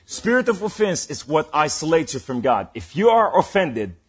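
A man's voice: a little high, sing-song, normal speed, husky. A man preaching a sermon in a rambling, emphatic way, building to calls to the listeners. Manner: rambling and emphatic, rising to exhortation.

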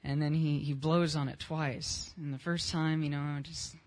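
A man's voice: on the high side, level tone, unhurried. A young man in his teens giving a casual spoken testimony at a church service, telling his story in plain, unpolished words with some slang.

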